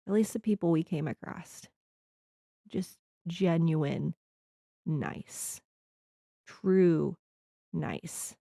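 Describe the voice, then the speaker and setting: A woman's voice: deep voice, drawn-out words, vocal fry, long pauses, mellow, dry recording, clean studio sound. A woman from the Midwest hosting a podcast, talking earnestly in a rambling reflective monologue with restarts. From American Midwest. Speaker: podcast host.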